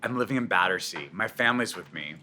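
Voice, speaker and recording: A man in his forties hosting a casual dinner conversation in a restaurant, chatty and quick to laugh, with lots of fillers. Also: sits low, expressive, bright, forceful tone. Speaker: host. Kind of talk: casual chat over dinner.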